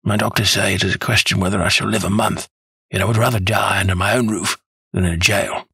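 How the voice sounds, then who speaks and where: A man's voice: fairly low pitch, fairly even intonation, gravelly, bright, forceful tone, slightly rough, no echo, heavily acted. Man voicing a weary old dying man. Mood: grave. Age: older. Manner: heavy, slow confessional telling.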